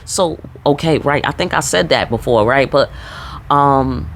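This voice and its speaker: A woman with a New York accent and a bass voice reads tarot, talking casually to viewers about spiritual matters. She is laid back, blunt and profane, speaking a little slowly over slight background noise.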